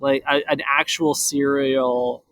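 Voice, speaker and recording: A man's voice: medium pitch, little pitch movement, slow, fairly bright tone, rough recording. A man co-hosting a podcast, jokey and playful, laughing often. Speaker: podcast co-host. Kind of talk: casual comedic banter.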